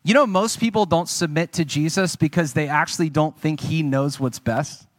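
A man's voice: fairly high pitch, moderate pace, dry recording. A man preaching a sermon, telling his own testimony in an earnest, conversational way and speaking to the audience.

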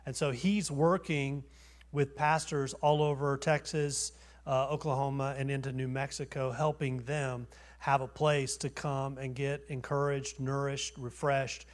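A man's voice: medium pitch, flat delivery, unhurried. A man, preaching a sermon as a guest pastor in a church, conversational and self-deprecating, asking rhetorical questions. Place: church sanctuary.

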